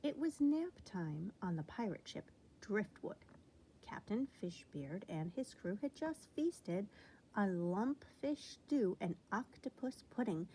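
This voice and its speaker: A woman reading a children's storybook aloud with expressive delivery. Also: mid-range voice, takes it slowly, slight background noise, rough recording. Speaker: storybook reader.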